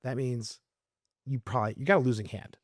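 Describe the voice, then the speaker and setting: A middle-aged Arizona realtor, a guest on a casual podcast interview, speaks in a mid-range voice at a brisk clip, recorded cleanly in a studio with no echo. He's an animated storyteller who talks through sales tactics and acts out his client calls in lively voices.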